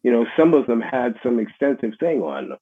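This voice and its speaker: A middle-aged man with a New York accent, a musician being interviewed, speaking in a halting, reflective way with many restarts. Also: medium pitch, very animated. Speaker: guest musician. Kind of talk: casual interview conversation. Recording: husky voice over a tinny phone line.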